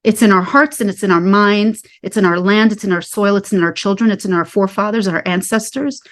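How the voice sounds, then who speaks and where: A woman's voice: mid-range voice, fairly even intonation, a little fast. A woman speaking earnestly in a discussion, impassioned, repeating phrases for emphasis. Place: Staten Island.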